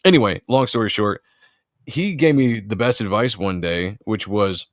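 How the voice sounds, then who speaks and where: A man's voice: on the low side, animated, moderate pace, no echo, studio quality. A man, a comic book artist, talking casually and earnestly on a podcast, rambling with lots of fillers.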